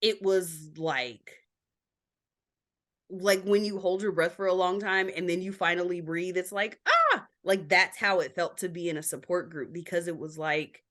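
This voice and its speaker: A woman with a somewhat low voice talks openly as a podcast guest. She tells her story candidly and peppers her speech with likes. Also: fairly even intonation, moderate pace, a bit bright. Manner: many filler likes. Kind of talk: casual interview chat.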